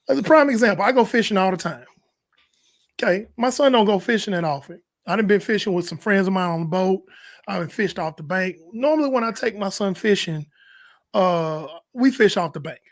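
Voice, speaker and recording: A man co-hosting a sports podcast, talking casually and acting out what players might say in quick changing voices. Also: high voice. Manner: animated, acts out quotes in shifting voices. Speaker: podcast co-host.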